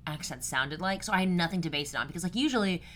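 A young woman in her twenties hosts her podcast solo. Her voice sits low for a woman, and she chats loosely, rambling through her asides with plenty of ums. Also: animated, quick pace, fairly bright tone, slight background noise. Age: 20s. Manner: chatty and rambling, many fillers. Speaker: podcast host. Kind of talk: casual solo podcast chat.

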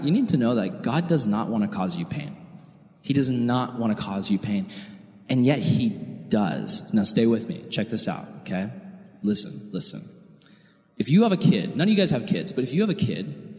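A man preaching a youth sermon to high school students, animated and slangy, acting out quotes as he goes. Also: moderate pace, roomy sound, big-room sound, soft background music. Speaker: youth pastor.

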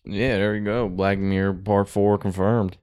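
A young man with a lowish voice reacts to a friend's story with teasing one-liners and quick replies. The recording is dry and close. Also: little pitch movement, a little mellow, clean tone, no echo. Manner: joking, laughing reactions and teasing quips. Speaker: listener in casual chat. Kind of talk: casual chat.

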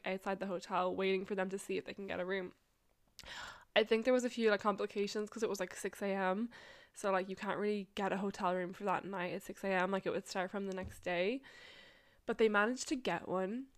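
A woman's voice: mid-range voice, moderate pace, clear, resonant tone. A young woman vlogger casually telling a long story, rambling, swearing and laughing often.

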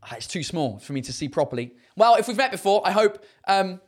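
Brief: man in his thirties, comedian host, casual rambling chat, a touch high-voiced. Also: sing-song, fairly quick. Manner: rambling, swears casually, frequent fillers. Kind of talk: casual live-stream chat reading comments.

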